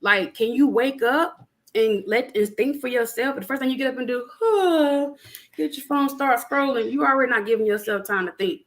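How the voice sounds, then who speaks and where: A young adult woman in casual spiritual chat on a podcast, animated and preachy, talking plainly with lots of fillers. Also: fairly high pitch, brisk. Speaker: podcast guest.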